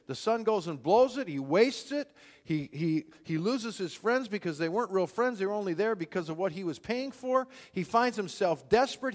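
A pastor preaches in a slightly raised voice, telling the story in everyday words and voicing each character. His voice rings on in a large reverberant hall. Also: sits high. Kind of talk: sermon.

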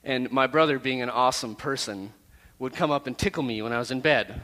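A man who is a youth pastor, telling a personal story to his youth group in a lively, self-deprecating way. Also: medium pitch, fairly quick, big-room sound.

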